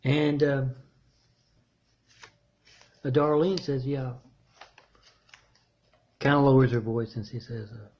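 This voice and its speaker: A man telling a meandering story in a halting monologue, restarting his phrases often. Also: mid-range voice, steady tone, a little mellow, muffled recording. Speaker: self-made video preacher.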